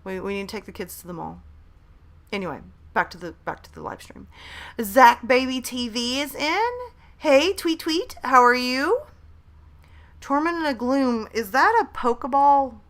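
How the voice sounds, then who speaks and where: A bright-voiced woman in her thirties talks into a desk mic at her laptop during a home live stream. She is hyper and chatty, greeting viewers and reading their messages aloud. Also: high voice, expressive, unhurried. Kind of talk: casual live stream chat. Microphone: desk microphone at a laptop.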